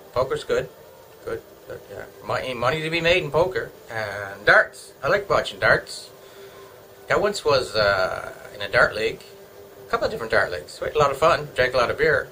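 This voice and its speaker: A middle-aged Canadian man vlogs from home in a casual, wandering chat full of jokes and remarks to himself. His medium-pitched voice has a sharp tone, and the rough recording has a bit of hiss or hum.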